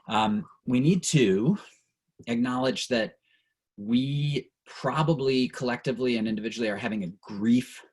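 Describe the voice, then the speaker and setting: A man's voice: mid-range voice, husky, rough recording. A middle-aged man leading an online training session over a video call, earnest and reflective, and openly emotional at times.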